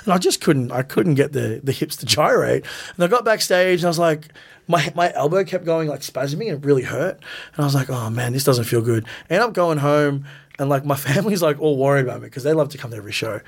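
A man's voice: fairly high pitch, lively intonation, fast, vocal fry, breathy edge. A man, a wrestler telling stories casually in an interview, acting out quoted lines in a raised voice. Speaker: professional wrestler guest. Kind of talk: casual storytelling in a podcast interview.

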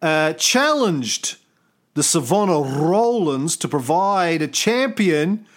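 A man hosts a comic history podcast, telling events with wry asides and plenty of swearing. His pitch swings up and down freely as he goes, and the talk stays loose and irreverent. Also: big pitch swings, takes it slowly. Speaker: podcast host. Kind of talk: comedic history storytelling.

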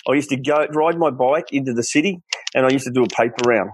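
A man's voice: mid-range voice, fast talker, breathy edge, no room sound, low-quality recording. Earnest Australian man telling stories. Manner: earnest, animated storyteller, quotes others in his tales. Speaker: guest. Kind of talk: candid storytelling interview.

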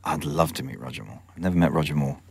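A man, a film director, telling frank, animated anecdotes in an interview and acting out other people's voices. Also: rumbling low, fast, creaky, husky, no echo. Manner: lively storyteller who acts out the voices of others; frank, with swearing and self-corrections.

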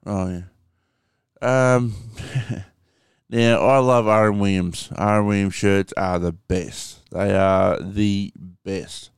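An Australian man rambling casually in a home vlog, slow and full of ums, swearing freely. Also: on the low side, fairly even intonation, clean tone, no room sound, clean studio sound. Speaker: vlogger. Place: room at home with window open.

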